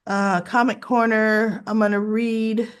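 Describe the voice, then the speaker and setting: A woman casually recapping soap opera episodes, chatty and animated, briefly mimicking characters and sometimes searching for words. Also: a little high, slow pace, clean tone. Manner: searches for words with restarts and fillers.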